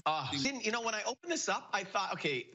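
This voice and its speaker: Man talk-show host, high and lively voice, bright, gushing. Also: fast talker, lo-fi sound, a little hiss or hum. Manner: effusive, gushing praise. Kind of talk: morning talk show chat.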